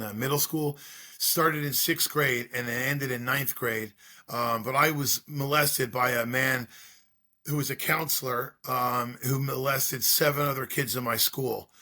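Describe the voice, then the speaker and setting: A man's voice: medium pitch, bright, forceful tone. A middle-aged man, a school drug-prevention speaker, telling his story in an interview with earnest, repetitive rhetorical questions.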